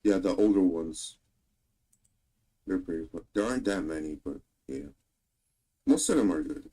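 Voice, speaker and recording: Deep husky guy chatting on stream, dark mellow tone, kinda hesitant. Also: expressive, moderate pace. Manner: low-key, hesitant with fillers. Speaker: stream co-host. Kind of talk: casual reaction chat.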